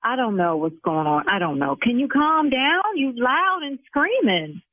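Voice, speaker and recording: A woman salon owner from the South Side, indignant and exasperated, speaking defensively and swearing on a call. Her voice is fairly high and husky. The sound is a tinny, dry phone line. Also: big pitch swings, measured pace, no echo. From South Side of Chicago.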